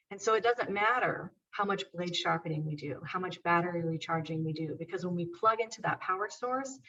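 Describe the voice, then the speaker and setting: A woman's voice: lowish voice, pushed and bright, far from the mic, muffled recording, a little hiss or hum. A woman guest speaking earnestly and emphatically in a conversational interview. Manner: earnest, emphatic, repeats agreement. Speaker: guest, author and painter.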